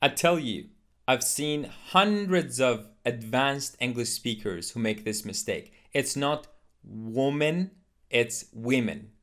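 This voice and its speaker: A man teaching English pronunciation, repeating each word slowly and deliberately for learners. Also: medium pitch, expressive, fairly bright tone. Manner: slow, deliberate repetition of words for learners. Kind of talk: scripted lesson to camera.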